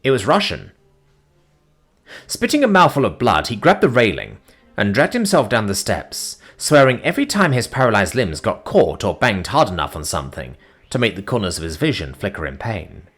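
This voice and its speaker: A man narrating a science fiction story in a dramatic, expressive manner. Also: lowish voice, moderate pace, husky.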